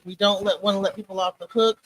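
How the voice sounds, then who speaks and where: A woman's voice: mid-range voice, fairly even intonation, quick pace, poor audio. A woman co-hosting a live commentary stream, talking casually and rambling, often checking in with "you know what I'm saying.".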